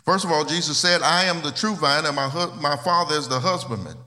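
A pastor preaches a sermon in a plain, conversational way, repeating phrases and swinging between loud and soft. His voice is on the high side and fairly quick, with the sound of a big room around him.

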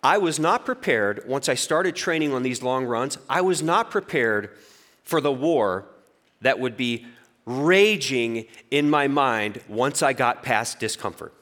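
Casting: man, 40s, pastor delivering a sermon, very expressive pitch, storyteller who acts out inner voices. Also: measured pace.

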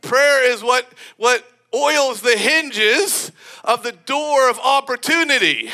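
A man preaching a sermon in an animated, emphatic way, often breaking into laughter. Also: very high voice, slow.

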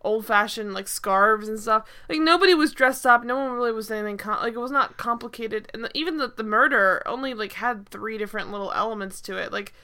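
Chatty woman with a bright voice. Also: a little high, fairly quick, few pauses, clean tone. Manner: rambling, heavy use of "like", frequent restarts. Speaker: podcast co-host. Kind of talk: casual chat reviewing a TV episode.

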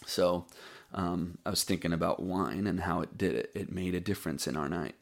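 Gravelly low-voiced man telling a story. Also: fairly even intonation, normal speed. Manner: rambling, laid-back storyteller who calls listeners buddy and dude. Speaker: podcast host. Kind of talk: casual storytelling and poetry reading.

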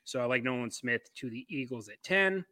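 A man chats casually as a podcast co-host, rambling with plenty of fillers. His voice is bright and forward, and the sound is dry and close. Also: medium pitch, lively intonation, fairly quick, no echo. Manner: loose, rambling, many fillers. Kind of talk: casual sports podcast chat.

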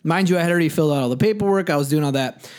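A man's voice: a little high, rapid-fire, darkish tone. A young man in casual chat, telling a rambling, slangy story with laughs.

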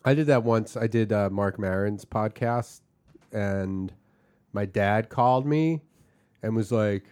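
A man hosting a casual podcast chat, telling stories with lively bits of impression. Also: lowish voice, slow, clean tone, dry recording. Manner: animated storyteller, slips into impressions. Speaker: podcast host.

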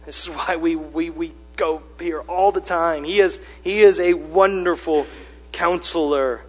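A male pastor preaching a sermon, conversational at first and then building to loud, emphatic repetition. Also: fairly high pitch, fairly even intonation, a little slow, slightly rough. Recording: long hall reverb with mains hum.

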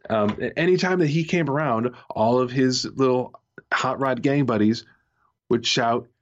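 A man's voice: medium pitch, measured pace, a little hiss or hum. A man co-hosting a podcast, chatting casually about a TV episode, rambling with lots of fillers and restarts. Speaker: podcast co-host. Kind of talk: casual chat reviewing a TV episode. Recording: muffled lo-fi audio.

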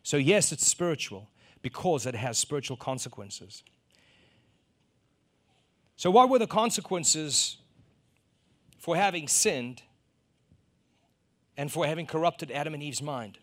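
Man, from South Africa, middle-aged, preacher, sermon, storytelling, acts out dialogue, somewhat high voice. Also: expressive, measured pace, long pauses. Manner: storytelling, acts out quoted exchanges, builds to loud emphasis.

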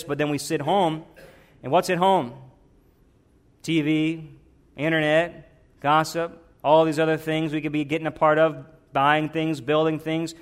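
A man's voice: on the high side, flat delivery, moderate pace. A male pastor, preaching a sermon to his church with rising emphasis and repeated prayers.

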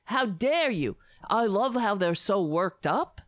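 A woman's voice: mid-range voice, sing-song, slow pace, dry recording, studio quality. A woman hosting a political commentary show, delivering a profane, sarcastic, angry rant.

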